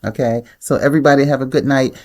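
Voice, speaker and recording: A woman's voice: a bass voice, fairly even intonation, fast talker, darkish tone. A woman hosting her own channel, giving blunt, opinionated commentary on the news in a casual way. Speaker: channel host.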